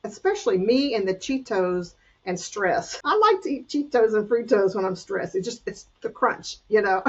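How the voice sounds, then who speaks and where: A woman's voice: medium pitch, expressive, moderate pace, husky, dull audio. An older woman coach talking earnestly and confessionally in a faith-based podcast chat, often restarting her sentences. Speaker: weight-loss coach.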